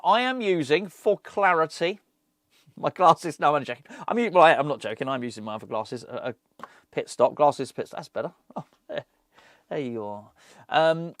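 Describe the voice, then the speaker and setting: A man's voice: on the high side, no echo. Rambling, jokey man, dry sound. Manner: rambling, jokey, self-interrupting asides. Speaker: fan channel host. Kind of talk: casual solo football chat.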